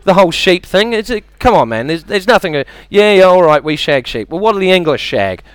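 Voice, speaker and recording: A man with a New Zealand accent performs stand-up in a high, clear, resonant voice with a sing-song, fairly quick delivery, recorded dry. He's chatty and self-mocking, slipping into silly impressions.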